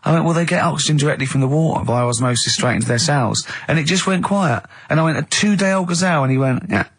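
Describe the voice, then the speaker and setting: Husky English radio host, animated. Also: male voice, on the high side, fast talker, dry recording. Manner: incredulous, animated storytelling with frequent laughter. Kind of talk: comedic radio banter.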